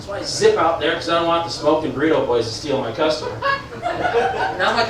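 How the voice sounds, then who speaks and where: A man performing stand-up comedy, telling a story with animated delivery and excited high-voiced quotes. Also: fairly quick, noisy background. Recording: echoey club room from a distance. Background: audience laughter.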